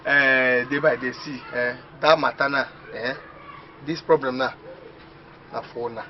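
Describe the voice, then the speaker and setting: An actor with a Nigerian accent playing an excitable young village man who laughs and boasts about his plans. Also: medium pitch, a little slow, noisy background, natural voice. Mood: scheming. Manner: exclaiming, laughing often, animated. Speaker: actor in a comedy film. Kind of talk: Pidgin comedy film acting. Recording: dull lo-fi film audio.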